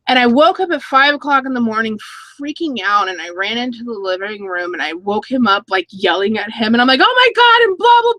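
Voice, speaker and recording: A woman's voice: mid-range voice, sharp tone, no room sound, poor audio. A woman in her thirties hosting a casual live-stream chat, reading viewer comments aloud and laughing between stories. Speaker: YouTube channel host.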